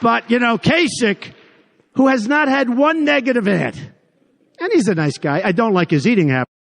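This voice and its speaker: A man's voice: very high-pitched, animated, normal speed, vocal fry, a bit bright. An older man delivering a rambling, repetitive rally speech to a crowd, with mocking asides. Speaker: political candidate at a rally. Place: large arena with a crowd. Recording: long hall reverb from a PA.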